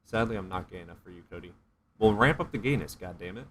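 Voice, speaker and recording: A man hosting a casual livestream, reading chat aloud, excitable and quick to swear with loud outbursts. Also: low-pitched, slight background noise.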